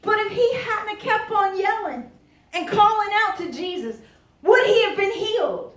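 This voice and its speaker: A high-pitched woman delivers a lively sermon, emphatic and folksy, slipping into joking asides. She is recorded in a roomy church from some distance, with echo all around her voice. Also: normal speed. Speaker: preacher. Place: church sanctuary. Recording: echoey church from far off.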